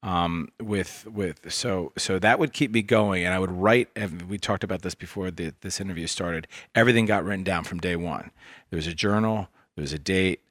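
A man with a very deep voice, speaking as an interview guest. He tells his story in a thoughtful, reflective, soft-spoken way. The recording is dry and close. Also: normal speed, no echo. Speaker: interview guest, investment fund co-founder.

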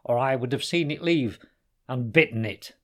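A man's voice: medium pitch, normal speed, a bit bright, close to an everyday voice. A man voicing a fierce, bloodthirsty male leopard who growls and snarls. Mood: angry.

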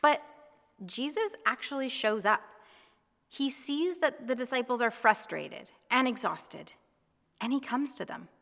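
A woman giving a gentle, reassuring devotional sermon, speaking in a reflective way. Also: fairly high pitch, animated, a little slow, long reverb tail. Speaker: preacher.

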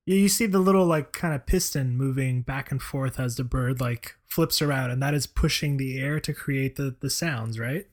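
Male podcast co-host, laid-back, peppers his talk with "like", mid-pitched. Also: moderate pace, few pauses. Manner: easygoing, says "like" often. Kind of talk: casual chat.

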